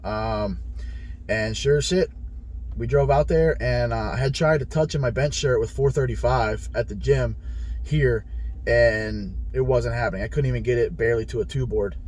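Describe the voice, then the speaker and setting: A man's voice: medium pitch, moderate pace, darkish tone. Blunt, profane man telling a story. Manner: blunt and heavily profane, retells conversations. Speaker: powerlifter sharing his experience. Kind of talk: casual storytelling monologue.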